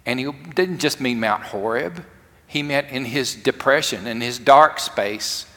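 A man preaching a sermon in a dramatic way, swinging from loud, fervent lines to hushed ones. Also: medium pitch, measured pace. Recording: long hall reverb.

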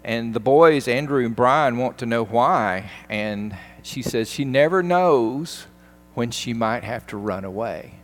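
Guy preaching, tells a story with lots of emphasis, mid pitch voice. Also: expressive, slow pace. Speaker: pastor. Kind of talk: sermon.

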